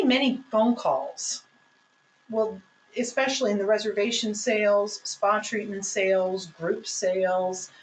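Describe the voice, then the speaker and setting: A woman's voice: mid-range voice, slight background noise, low-quality recording. A woman leads a sales training session. She leans hard on key points and speaks with a coaching, instructive drive. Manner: emphatic, coaching delivery. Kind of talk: training presentation.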